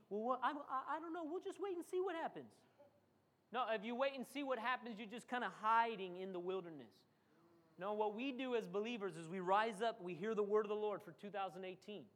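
A man's voice: high voice, a bit bright. A man preaching a sermon as pastor, acting out quotes and calling for amens from the congregation. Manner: preaching with dramatic acted quotes and call-and-response.

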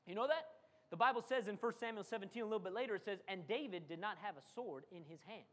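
A man's voice: high-pitched, fast talker. A man preaching a sermon as pastor, acting out quotes and calling for amens from the congregation. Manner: preaching with dramatic acted quotes and call-and-response.

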